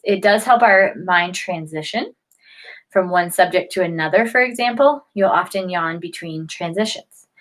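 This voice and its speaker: A woman's voice: medium pitch, rough recording. A woman talks straight to the camera, explaining health in an easy, chatty way. She stumbles, restarts and fills gaps with "um." She keeps yawning as she goes. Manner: chatty, with frequent fillers and restarts. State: yawning often. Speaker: health educator. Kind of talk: casual talk to camera.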